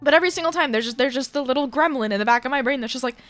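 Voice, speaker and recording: A woman's voice: sits high, rapid-fire, a bit bright, no echo, soft background music. A woman streamer chatting casually with viewers in a rambling, giggly way. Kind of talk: casual chat.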